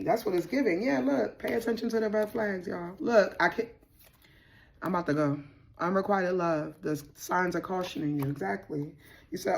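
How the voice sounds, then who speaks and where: Sassy lower-voiced woman reading tarot. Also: brisk, a little hiss or hum. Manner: sassy, animated, swears casually. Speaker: tarot reader.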